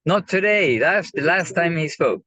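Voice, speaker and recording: A man leading a devotional class over a video call, speaking in a gentle, unhurried way. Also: on the high side, animated, no echo, low-quality recording. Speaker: spiritual teacher leading a class.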